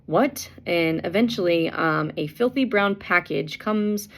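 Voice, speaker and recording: A woman's voice: lowish voice, measured pace, vocal fry. A woman teacher casually summarizing a book chapter, chatty and full of fillers, acting out quotes as she goes.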